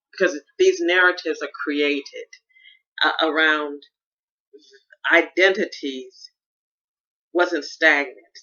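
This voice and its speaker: A middle-aged podcast host from Chicago, USA, delivers a reflective personal monologue, thoughtful and searching, with restarts and stressed words. Her voice is low-pitched with a sharp tone, and the recording sounds muffled.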